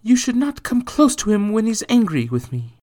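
Man doing a high frightened mother. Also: sing-song, warm tone. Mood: pleading. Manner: high strained falsetto, slow and pleading. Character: anxious frightened mother, middle-aged woman.

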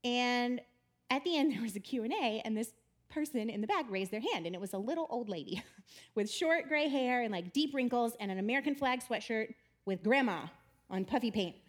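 A woman giving a chatty, animated storytelling talk about faith, often laughing as she speaks. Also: on the high side, fairly quick.

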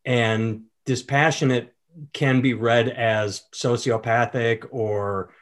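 A man's voice: medium pitch, steady tone, slow. A man in casual chat, thinking aloud and swearing casually.

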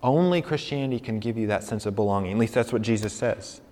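A male pastor giving an animated sermon, with emphatic rises and slow, deliberate readings. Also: on the low side, long reverb tail.

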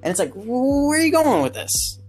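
A male podcast guest with a very high, slightly mellow voice talks at a moderate pace with big swings in pitch. He rambles casually, airs strong opinions, and keeps restarting his sentences over soft background music.

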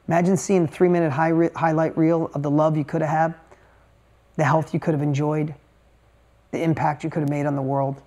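A woman with a low, mellow voice and a level tone speaks briskly as a motivational speaker on stage. Addressing a live audience, she delivers short punchy bursts and fires off rhetorical questions.

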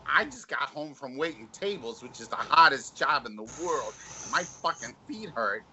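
A worn-out, foul-mouthed ex-girlfriend with a husky, manly voice yells and scolds, as a man puts her on. The voice sits a little above his own and is sharp and bright. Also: medium pitch, lively intonation, normal speed, lo-fi sound, slight background noise. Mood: furious scolding. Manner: yelling, scolding, cursing.

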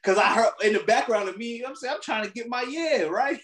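A man's voice: very high voice, a little fast, echoey room. A young man co-hosting a podcast, telling stories in casual, profane chat with bursts of laughter. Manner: animated, profane, laughing storyteller. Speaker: podcast co-host.

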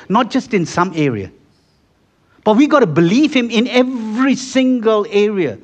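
A man preaching a sermon, telling everyday stories with acted-out quotes and building to loud, fervent exhortation. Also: high-pitched, sing-song, normal speed. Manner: acts out little scenes with quoted voices. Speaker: pastor.

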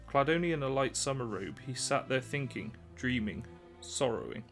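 A man narrating an old tale in a measured, calm reading. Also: mid-range voice, faint music behind. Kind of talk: storybook reading.

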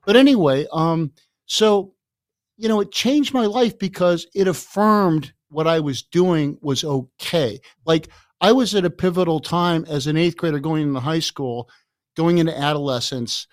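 A man in his sixties from the Chicago area, telling stories as a podcast guest in a lively way, often laughing and repeating words. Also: fairly high pitch, unhurried, dry recording, clean studio sound. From Chicago area, USA. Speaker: guest, author. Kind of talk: anecdotal storytelling in a podcast interview.

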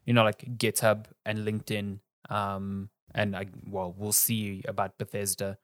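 A man's voice: on the low side, completely flat delivery, measured pace, fairly bright tone, no room sound, studio quality. A man co-hosting a casual podcast, easygoing and thinking aloud as he talks. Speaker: podcast co-host. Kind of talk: casual chat.

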